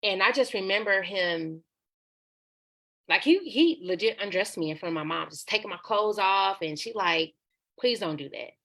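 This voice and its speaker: Gravelly bright-voiced woman telling her story. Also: mid-range voice, moderate pace. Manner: candid, conversational, slips into acted quotes. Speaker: podcast guest. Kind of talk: personal storytelling interview.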